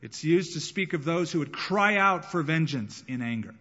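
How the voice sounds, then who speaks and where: A man preaching a sermon to his congregation, dramatic and expressive, often acting out the voices of the people in the story. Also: on the high side, moderate pace, hardly any pauses, in a large hall, lo-fi sound. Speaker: pastor.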